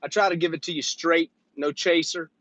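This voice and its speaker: A man who hosts a channel about his softwash business, giving casual business advice bluntly and with some swearing. He keeps checking in with "okay?" and "right?", and he acts out conversations in quick voices. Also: fairly high pitch, steady tone, dry recording.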